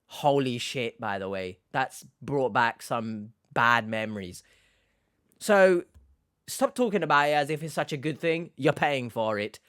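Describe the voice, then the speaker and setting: A man hosting a reaction commentary, sarcastic and mocking, with sudden loud outbursts. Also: mid-range voice, expressive, a little slow, clean tone, no room sound, studio quality. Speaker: commentary host.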